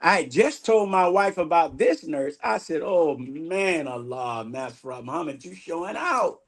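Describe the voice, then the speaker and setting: A man giving an animated spiritual testimony in an interview, acting out the dialogue he recounts. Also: on the high side, unhurried. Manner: animated storyteller, acts out quoted dialogue. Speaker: guest minister.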